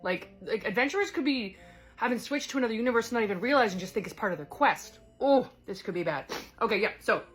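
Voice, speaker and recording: A woman's voice: fairly high pitch, lively intonation, fast talker, slightly rough, faint music behind. A woman voicing a chatty goddess stranded in another world. She speaks in a rambling way, full of fillers and self-corrections. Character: chatty displaced goddess, scattered but caring. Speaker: one-sided role-play character. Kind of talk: improvised solo role-play.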